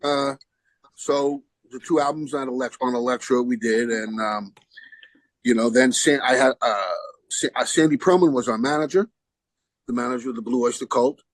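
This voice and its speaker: A man's voice: mid-range voice, normal speed, no echo, low-quality recording. A man telling a rambling story as a podcast guest, acting out the voices of the people he quotes. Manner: animated, acts out quoted voices; rambling with restarts. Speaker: guest musician. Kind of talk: casual anecdote telling.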